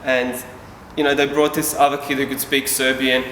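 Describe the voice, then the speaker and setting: A man's voice: mid-range voice, level tone, normal speed, a bit bright, far from the mic, a little hiss or hum. Man speaking in an echoey hall. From Yugoslavia. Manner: candid, casual, with swearing and self-deprecating asides. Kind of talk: personal story talk to a live audience. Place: event hall.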